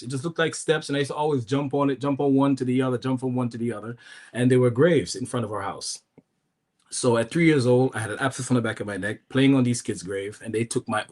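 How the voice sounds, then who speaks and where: A man as a podcast guest, telling a personal story casually, acting out other people's words with jumps in his voice and frequent restarts. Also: breathy edge. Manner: animated, acts out quoted voices with pitch jumps, many restarts.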